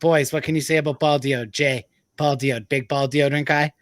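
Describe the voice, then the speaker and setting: A man hosting a casual sports chat with friends, loud and profane, joking his way through the banter and reading an ad spot. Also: on the high side, steady tone, brisk, dry recording. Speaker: podcast host.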